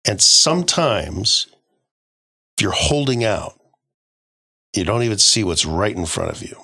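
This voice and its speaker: A man's voice: lowish voice, big pitch swings, a little slow, creaky, pushed and bright, breathy edge, no room sound, studio quality. A middle-aged man in a casual podcast discussion, rambling through stories with frequent restarts.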